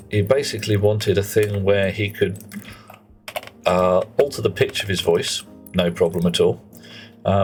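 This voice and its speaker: A middle-aged man with a lowish voice rambles through casual live game commentary. He drifts between tangents and mutters to himself as he works, over faint music in the background. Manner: rambling, chatty, muttering to himself while playing. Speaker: streamer.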